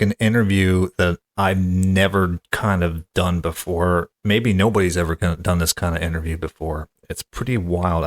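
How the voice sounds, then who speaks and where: A man hosting a comedy podcast, rambling casually with exasperated asides. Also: deep voice. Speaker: podcast host.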